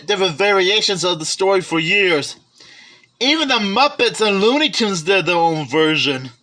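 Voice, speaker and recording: A man with a high, bright voice talks slowly through his collection at home. He names item after item in an unhurried, chatty way, often stopping to correct himself and add a side remark. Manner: slow, chatty listing with self-corrections and asides. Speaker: collector vlogger. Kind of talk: casual show-and-tell of a collection.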